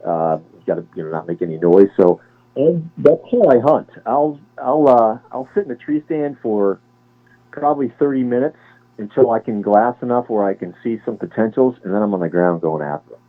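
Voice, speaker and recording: A man in his forties from Cleveland, a guest on an interview, talking in a relaxed, chatty way and often correcting himself. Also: lowish voice, normal speed. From Cleveland, Ohio. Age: 40s. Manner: relaxed, chatty, laughs easily, self-correcting. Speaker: guest, former Navy sniper. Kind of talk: casual interview chat. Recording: tinny phone-line audio.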